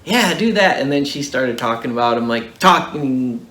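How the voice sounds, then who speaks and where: A man co-hosting a casual behind-the-scenes chat about making a web series. He is talkative, laughs easily and jumps up in pitch when he jokes. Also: expressive, normal speed, a bit bright. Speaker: co-host and actor in the web series. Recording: roomy echo.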